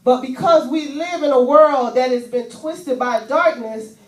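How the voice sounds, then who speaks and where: Woman preacher, higher voice, animated and chatty, miked from a distance in a roomy church. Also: measured pace. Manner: animated, conversational preaching with casual asides. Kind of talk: sermon with volunteers on stage. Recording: echoey church room, voice from afar.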